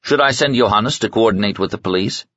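A man's voice: fairly low pitch, fast, no room sound, dull audio, pitched above the performer's own voice. A man voicing a curt, anxious male consul who speaks sharply, reading an audiobook. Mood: tense. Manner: sharp, clipped.

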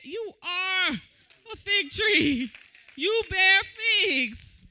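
A woman preaching. Her voice sits high and sounds piercingly bright. She moves from easy conversational teaching to loud, shouted exhortation. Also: lively intonation, extremely slow. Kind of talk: sermon.

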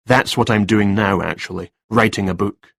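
A flustered, distracted writer, as a male narrator voices him in a storybook reading. He talks hesitantly in a lowish, dry voice. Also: moderate pace, gravelly, fairly bright tone, no echo.

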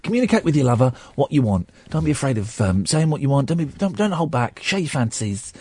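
A jokey radio host talking on a dry studio microphone. His pitch swings about a lot as he reads and riffs, and his voice is a touch husky. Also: sing-song, fast, dark tone, no echo. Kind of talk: casual late-night radio chat.

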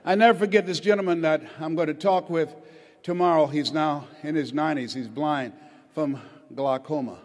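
A man's voice: a little high, normal speed. A man giving a rousing motivational speech on a stage, urging the audience to respond. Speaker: motivational speaker. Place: stage before a live audience. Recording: long hall reverb.

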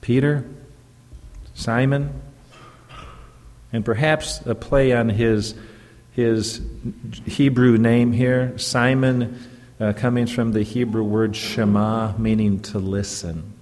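Man, pastor, sermon, slow deliberate delivery, medium pitch, echoing sanctuary. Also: fairly even intonation, a little mellow, slight background noise. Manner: slow, deliberate preaching with emphatic rises. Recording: long reverb of a church hall.

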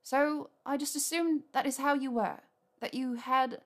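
A woman voicing a flustered, earnest young witch who talks in a rushed, nervous way. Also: high-pitched, fairly even intonation, voice pushed up.

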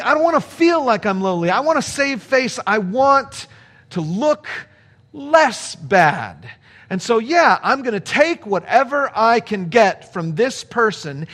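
Animated, high-voiced preaching man. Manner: conversational, animated preaching with rhetorical questions. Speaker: pastor. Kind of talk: sermon.

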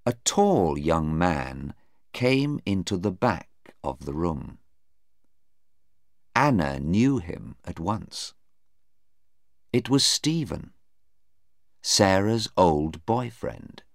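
A man narrating a graded-reader story in a slow, clear and careful way. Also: sits low, sing-song, no echo, studio quality.

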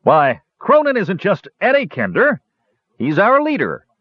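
A man doing a squat, black-bearded dwarf from a storybook, smirking and openly doubting. The voice sits well above the man's normal reading pitch. The sound is dry and slightly dull. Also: huge pitch swings, measured pace, no echo, heavily acted. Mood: scoffing. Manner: smirking, skeptical.

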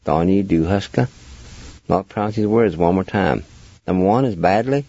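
Brief: male radio language teacher, low and mellow voice, slow patient drills, dull lo-fi sound. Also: animated, husky, dry recording. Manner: patient, spells letter by letter and repeats words. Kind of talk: slow spelling and pronunciation lesson.

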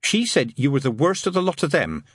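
A man reading aloud, voicing a tearful, wary young woman in an audiobook with a gentle, lightly raised voice. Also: a little high, huge pitch swings, fairly quick, husky, no echo, studio quality, pitched above the performer's own voice, full character voice. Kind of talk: audiobook character voice.

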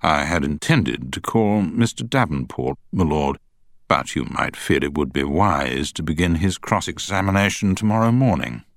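A man's voice: a bass voice, lively intonation, moderate pace, gravelly, no echo, clean studio sound, full character voice. A man voicing a pompous older male prosecuting barrister who objects indignantly.

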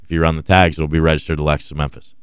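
A man's voice: very deep voice, little pitch movement, very fast, smooth, dry recording. A man co-hosting a radio show, telling casual stories full of quoted dialogue and laughter. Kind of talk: casual storytelling chat.

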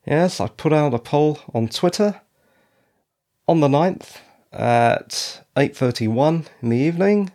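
A man hosting a review show, talking through his opinions in a measured, dryly critical way. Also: medium pitch, darkish tone. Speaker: podcast reviewer. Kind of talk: solo review commentary.

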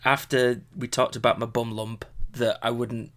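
A man co-hosting a casual chat podcast, rambling and halting with many restarts. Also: medium pitch, little pitch movement, fairly bright tone. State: recovering from illness. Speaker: podcast co-host.

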